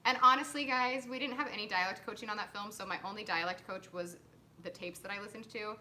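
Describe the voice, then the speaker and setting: A woman's voice: medium pitch, fast, sharp tone, a little hiss or hum. A woman, an actress hosting a live stream, chatting casually and upbeat with many fillers. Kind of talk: casual chat.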